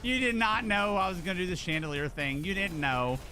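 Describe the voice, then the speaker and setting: Field: voice. Value: bright-voiced southern man rambling casually. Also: high-pitched, brisk, slight background noise. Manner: rambling, self-deprecating, full of "like" and "dude". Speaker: game streamer. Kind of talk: casual stream chat.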